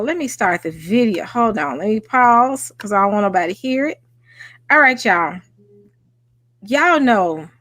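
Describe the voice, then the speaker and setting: A woman with a Southern US accent hosting a casual livestream, excitable and chatty though tired after a workday. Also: medium pitch, no room sound. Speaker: livestream host. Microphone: home microphone.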